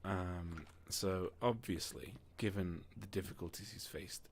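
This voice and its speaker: Alone in a room, a man with a low voice narrates a tabletop game as game master, speaking a little slowly. His casual, drifting narration is punctuated by questions to himself, and slight background noise can be heard.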